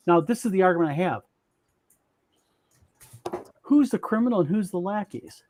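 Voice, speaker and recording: A man's voice: sits high, animated, moderate pace, pauses often, a little mellow, a little hiss or hum. A man co-hosting a casual chat, who reads posts aloud in a dry, teasing way. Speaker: co-host.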